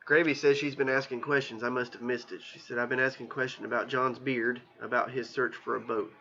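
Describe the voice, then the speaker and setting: A man's voice: medium pitch, level tone, fairly quick, vocal fry, pushed and bright, highs cut off, a little hiss or hum. A man from Southern Ohio with a mild country accent, chatting casually and reading out viewer comments as co-host of a livestream. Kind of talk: casual chat.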